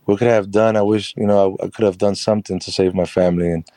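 Low, mellow-voiced man telling a story. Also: fairly even intonation, quick pace, no room sound. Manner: chatty and rambling, laughs often. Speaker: guest, carpentry business owner. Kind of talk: casual storytelling interview.

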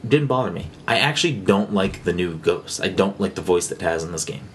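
Male podcast co-host, very low voice, rambling and excitable, faint background hiss. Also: fairly quick. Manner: rambling, excitable, many fillers and restarts. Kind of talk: casual chat.

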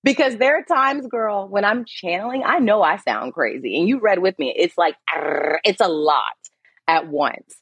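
A woman's voice: mid-range voice, lively intonation, moderate pace, a bit bright, slightly rough, dry recording. A woman guest on a podcast, a psychic medium talking candidly and casually, laughing often and swearing now and then.

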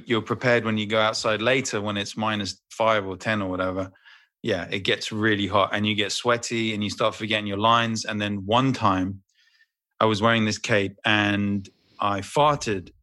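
A man's voice: lowish voice, steady tone, normal speed, bright, forceful tone, dry recording. A man, an actor, telling rambling, crude anecdotes with swearing in casual chat. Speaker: actor guest.

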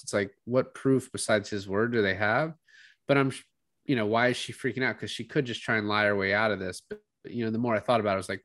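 A man's voice: fairly low pitch, fairly bright tone, no echo, studio quality. A man co-hosting a casual movie review podcast, retelling scenes animatedly and swearing freely. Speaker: podcast co-host.

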